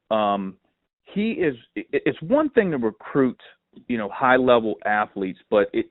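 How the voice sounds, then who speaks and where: A man hosting a casual sports podcast, telling stories in an animated, filler-heavy way. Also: mid-range voice, no echo. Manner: animated storyteller, lots of fillers. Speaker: podcast host. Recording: dry phone-like line.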